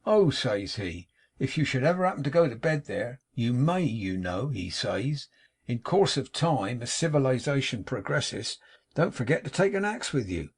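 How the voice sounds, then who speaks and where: A man voicing a knowing American stranger who talks through a nasal, slow drawl. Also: medium pitch, very animated, slightly rough.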